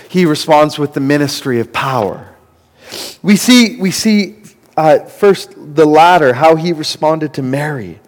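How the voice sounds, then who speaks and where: A male pastor delivers a sermon in an earnest voice that sits a little high. He builds to impassioned emphasis. His words echo with the long reverb of a hall.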